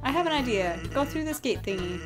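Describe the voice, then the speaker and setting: A woman voicing a lazy, laid-back male skeleton from a video game, dropping her voice lower and talking casually. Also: lively intonation, fairly quick, over music.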